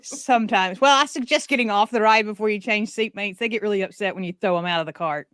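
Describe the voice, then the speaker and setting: A woman with a light Southern accent chats as a podcast guest over a video call, lively and quick to joke. Her voice sits at a middle pitch, and it is recorded close and dry with no room sound. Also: smooth, dry recording. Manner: lively, joking, laughs often. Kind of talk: casual interview chat.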